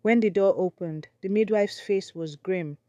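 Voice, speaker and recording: A woman's voice: mid-range voice, moderate pace, dark tone, no echo, dull audio. A woman storyteller narrating a dramatic folktale with suspense.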